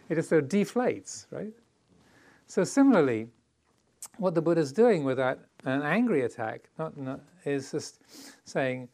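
A man's voice: fairly high pitch, animated, unhurried, a little mellow. Meditation teacher, middle-aged Englishman, easygoing Dharma talk, playful, voices the quotes. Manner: conversational, playful, laughs often; acts out little quoted voices.

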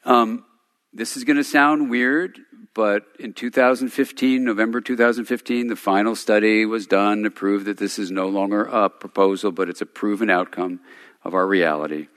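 A man's voice: fairly low pitch, steady tone, moderate pace, fairly bright tone. A man teaching at a day retreat, talking informally and telling stories with chuckling asides. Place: meditation center hall. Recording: long hall reverb.

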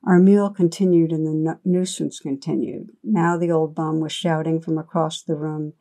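Low, mellow-voiced woman teaching meditation. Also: fairly even intonation, moderate pace, hardly any pauses. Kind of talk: dharma talk with storytelling.

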